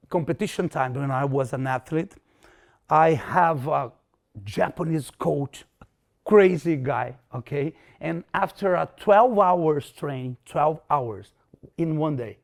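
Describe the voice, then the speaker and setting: Slow, gravelly man speaking broken English. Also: a little high, a little mellow. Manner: broken English, repeats words, acts out quotes. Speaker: martial arts instructor. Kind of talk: motivational talk.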